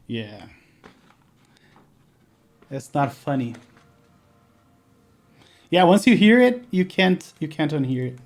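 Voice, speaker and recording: A man's voice: on the high side, sing-song, drawn-out words, long pauses, darkish tone. A man from Brazil, a native Portuguese speaker with a Brazilian accent, chatting casually on a live stream and answering chat while he builds.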